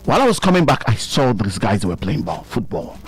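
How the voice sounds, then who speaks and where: A man with a Nigerian accent, co-hosting a radio chat and telling an animated story, laughing often and acting out voices. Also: fairly low pitch, fairly quick, vocal fry, husky. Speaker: radio co-host.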